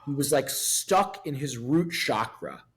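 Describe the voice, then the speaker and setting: A man's voice: mid-range voice, expressive, a little slow. A man in his fifties speaking as a guest in a candid interview, blunt, profane and emotionally raw. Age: 50s. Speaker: podcast guest.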